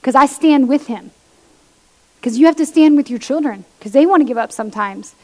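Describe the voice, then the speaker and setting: A woman, a pastor's wife, giving an animated testimony sermon to women and acting out quoted voices as she tells stories. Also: high voice, brisk. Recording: long hall reverb.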